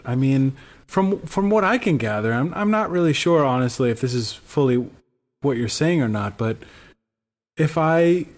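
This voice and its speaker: A man's voice: mid-range voice, darkish tone, in a large hall. A man hosting a podcast, thinking aloud hesitantly as he frames a question. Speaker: podcast host. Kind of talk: podcast conversation.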